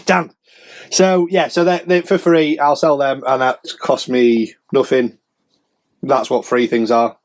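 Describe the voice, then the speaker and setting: A man's voice: medium pitch, steady tone, a little slow. A man giving a casual, rambling sales update as a reseller vlogger, chatty and self-mocking. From England.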